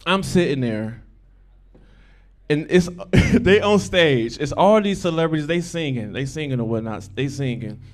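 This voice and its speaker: A man with a fairly high voice works a comedy club stage on a handheld mic. His delivery is profane and repetitive. He jumps from loud punchy bursts down into low, mumbled asides. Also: lively intonation, unhurried. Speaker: stand-up comedian. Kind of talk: stand-up comedy set.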